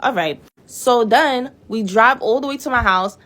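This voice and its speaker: A woman's voice: fairly high pitch, a little slow, a bit bright. Profane, exasperated young woman telling stories. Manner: blunt, profane, exasperated storytelling. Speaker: storyteller. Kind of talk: casual storytime vlog.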